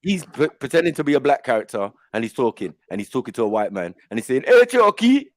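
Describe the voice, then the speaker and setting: Animated middle-aged man, dry sound. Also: mid-range voice, fast, no room sound. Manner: animated storytelling, acts out voices in quotes. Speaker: panel host. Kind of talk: casual chat.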